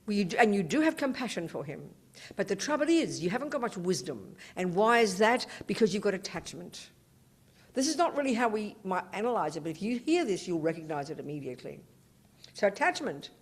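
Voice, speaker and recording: A woman teaching Buddhism to an audience, talking in an emphatic, conversational way and often adding "you know". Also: lowish voice. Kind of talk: dharma talk to an audience. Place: teaching hall.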